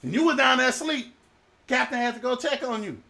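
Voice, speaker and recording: A man's voice: very high-pitched, fairly quick, sharp tone, heavily acted. A male preacher voicing frightened sailors who scold a runaway passenger, exasperated and colloquial.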